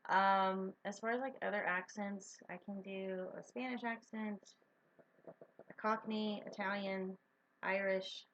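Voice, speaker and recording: A woman's voice: mid-range voice, flat delivery, measured pace, fairly bright tone, a little hiss or hum. Hesitant, rambling woman co-host, muffled stream audio. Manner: rambling, hesitant with many fillers. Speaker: co-owner of a role-playing stream. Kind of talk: casual chat.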